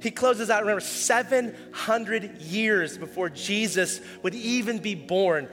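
High-voiced preacher with a bright sound. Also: male voice, unhurried, big-room sound, soft background music. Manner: animated, acts out quoted dialogue in a raised voice. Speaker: pastor. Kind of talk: sermon.

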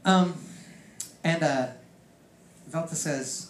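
A man's voice: high voice, brisk, a little hiss or hum. A man preaching a personal testimony, rambling with lots of "like" fillers. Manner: rambling storyteller, heavy use of "like". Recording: roomy echo.

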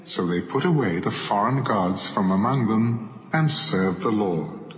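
A man reading scripture aloud in a steady, measured way. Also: on the low side, echoey room, big-room sound, dull audio.

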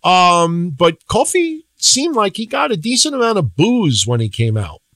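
A man's voice: high voice, very animated, measured pace, a bit bright, no room sound. Blunt, opinionated man recapping wrestling. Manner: blunt opinionated talk, swearing, acts out quotes. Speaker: podcast co-host. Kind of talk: casual wrestling recap chat.

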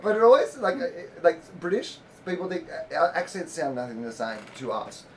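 A man's voice: fairly high pitch, sing-song, fairly quick, slight background noise. A young Australian man with an Australian accent, chatting casually and telling rambling stories, often laughing as he talks. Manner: rambling storyteller, laughs mid-sentence, jumps into silly voices. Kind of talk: casual chat.

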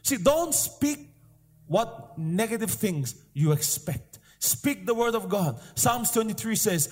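Speaking a little slowly in a high-pitched, animated voice, this pastor drives home his points with repeated, emphatic declarations and urges the congregation to answer back. It's a live recording in an echoing hall, faint music playing.

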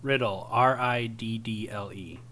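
Bright-voiced Minnesotan young man. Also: fairly low pitch. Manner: relaxed, teasing, spells slowly. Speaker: podcast co-host. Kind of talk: casual chat, spelling bee game.

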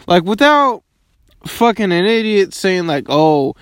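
A man's voice: high voice, lively intonation, measured pace, no room sound, studio quality. A man in his early twenties rambling casually, swearing often and filling his questions with "like". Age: 20s.

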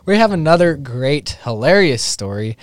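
A man's voice: a little high, big pitch swings, normal speed, no echo, clean studio sound. A man hosting a podcast, telling a story loosely with fillers and chuckles. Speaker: podcast host. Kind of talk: casual podcast chat.

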